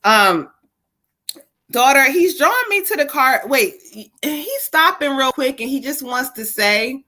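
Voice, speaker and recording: A woman tarot reader on a live stream, speaking in a bright, slightly high voice. She giggles often and swears casually while she passes along messages. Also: a little slow. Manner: giggly, animated, swears freely. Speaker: psychic reader. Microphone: webcam or phone on a live stream.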